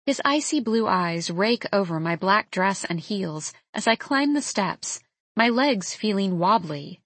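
A woman's voice: medium pitch, expressive, fairly bright tone, no room sound. Woman narrating a novel, close and dry. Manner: reflective, intimate, measured. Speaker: audiobook narrator. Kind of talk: first-person novel narration.

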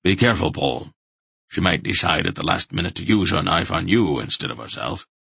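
A man's voice: low-pitched, lively intonation, brisk, vocal fry, fairly bright tone, husky, no echo, heavily acted. A man playing a grave, wise old man. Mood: cautious. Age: older.

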